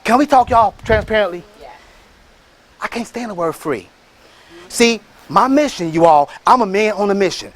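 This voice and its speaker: A man giving a motivational talk, rallying the crowd with call-and-response and shouted bursts. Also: high-pitched, lively intonation, moderate pace, pauses often. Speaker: motivational speaker and franchise entrepreneur. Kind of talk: motivational speech.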